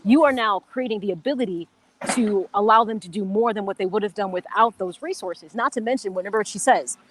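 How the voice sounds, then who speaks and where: A woman's voice: mid-range voice, brisk, a little hiss or hum. Woman, co-host, casual live chat, talks in loose run-on phrases. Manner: chatty, fillers like "you know what I'm saying". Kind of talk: live sports radio chat. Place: golf country club, on location.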